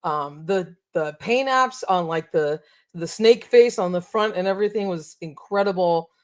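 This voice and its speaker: A woman's voice: fairly low pitch, moderate pace. A woman co-hosting a casual chat, talking with enthusiasm and many fillers. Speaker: co-host of toy show.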